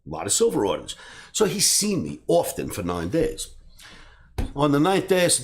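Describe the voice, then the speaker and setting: A middle-aged man from the New York area telling a personal story, animated and acting out the dialogue. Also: on the high side, normal speed. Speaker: trading educator and host.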